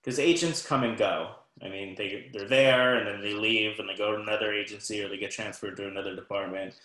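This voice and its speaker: A low-pitched man, a talent manager, offers loose, chatty advice to young performers. He rambles a little and restarts his sentences. His voice rings in an echoey room. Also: steady tone, fairly quick, a bit bright. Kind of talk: casual advice at an online info session.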